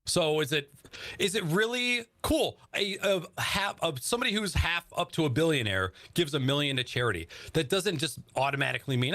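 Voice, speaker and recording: A man talks in a casual podcast chat, laying out his views bluntly and swearing as he goes. His voice is bright and lively, moving a lot in pitch. The sound is dry and close. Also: moderate pace, no room sound. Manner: blunt, swears freely, talks in earnest stretches. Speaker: podcast co-host.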